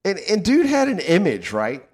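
A middle-aged man from the American South hosts a casual chat show. He talks with a Southern accent, swears freely, laughs often, and his pitch swings widely. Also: wildly swooping pitch, moderate pace, darkish tone, breathy edge. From southern United States. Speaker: podcast co-host.

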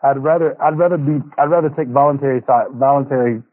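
A man's voice: mid-range voice, no echo. Reflective man on a tinny phone line. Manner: reflective, halting with fillers. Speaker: guest. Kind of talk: casual faith conversation.

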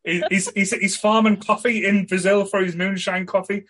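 Laughing, animated man. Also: sits high, normal speed. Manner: laughing, swears freely, animated storytelling. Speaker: podcast co-host. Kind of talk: casual chat.

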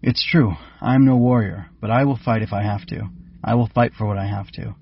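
A man doing a calm, wise winged bug teacher. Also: fairly low pitch, gravelly, breathy edge, dull audio. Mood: earnest. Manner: measured, instructive. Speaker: keeper instructing cadets.

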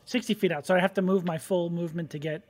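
A player in a tabletop game who jokes and thinks out loud while planning a move. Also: mid-range voice, fairly even intonation, fast talker. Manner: playful, joking, thinking aloud. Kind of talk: casual chat at a game table.

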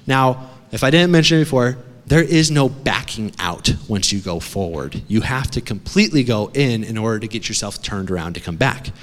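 Dramatic male pastor in an echoey hall. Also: mid-range voice. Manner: dramatic, swings from hushed to shouting. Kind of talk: sermon storytelling. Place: church.

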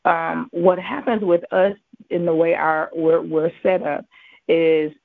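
A man giving a Bible teaching as a preacher, halting with many ums and restarts. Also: a little high, level tone, vocal fry, dry recording. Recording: tinny phone-like line, dry.

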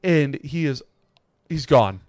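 A young man co-hosting a casual podcast chat, telling stories with lively impressions of the people in them. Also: a little high, takes it slowly, dry recording, clean studio sound. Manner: animated storyteller acting out quoted people. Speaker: podcast co-host.

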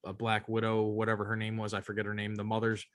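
A man's voice: on the low side, monotone, quick pace, fairly bright tone, no echo, clean studio sound. A man co-hosting a podcast in casual chat, rambling and emphatic, often asking "you know what I mean". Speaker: podcast co-host.

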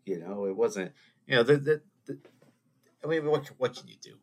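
A young man, hosting a podcast in a casual solo chat. He rambles, jokes at his own expense and talks in an animated way. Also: mid-range voice, normal speed. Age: 20s. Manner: animated, rambling, self-mocking. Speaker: podcast host.

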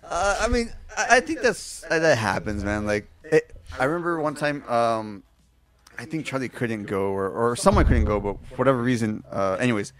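Podcast co-host, man, mid-pitch, rambling and filler-heavy. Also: lively intonation, moderate pace, a bit bright. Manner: rambling anecdotes with many fillers, self-mocking. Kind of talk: casual chat.

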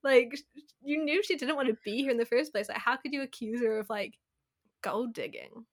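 Chatty, slightly high-voiced woman podcaster. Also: quick pace. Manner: chatty, rambling, many "like" fillers. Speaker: podcast co-host. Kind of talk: casual book chat.

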